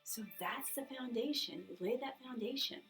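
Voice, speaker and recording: A woman's voice: a little high, normal speed, a bit bright, faint music behind. A woman yoga instructor chatting casually and enthusiastically before guiding a breathing practice, with many fillers. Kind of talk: casual chat and guided breathing.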